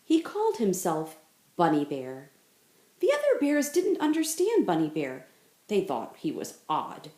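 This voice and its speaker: A woman teacher reading a picture book aloud in a slow, expressive storytelling voice. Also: lowish voice. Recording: roomy echo.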